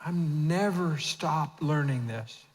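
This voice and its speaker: A man in his fifties preaching a sermon as senior pastor in a church auditorium, moving from hushed asides to shouted emphasis. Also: fairly high pitch, slow. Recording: long reverb of a church hall.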